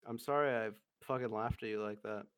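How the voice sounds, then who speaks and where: A man co-hosting a podcast in casual chat, halting with fillers and laughing easily. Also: lowish voice, steady tone, fairly bright tone, clear, resonant tone, dry recording, clean studio sound. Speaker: podcast co-host.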